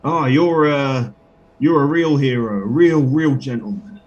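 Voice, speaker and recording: A man's voice: medium pitch, measured pace, distant mic, lo-fi sound, natural voice. A man voicing a sly young man who plays innocent to sneak past a guard in a tabletop game. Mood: mock-innocent. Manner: wheedling, mock-innocent.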